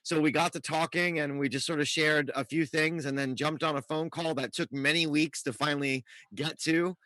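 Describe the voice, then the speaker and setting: A man's voice: fairly high pitch, fairly even intonation, normal speed, no echo, low-quality recording. A man co-hosting a podcast, chatting casually with frequent laughs and filler words. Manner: laughs often, warm filler-heavy rambling. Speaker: podcast co-host.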